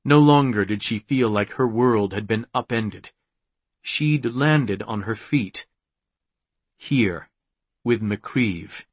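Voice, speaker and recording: A man narrating an audiobook in a measured, unhurried reading. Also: medium pitch, no room sound. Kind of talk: scripted narration.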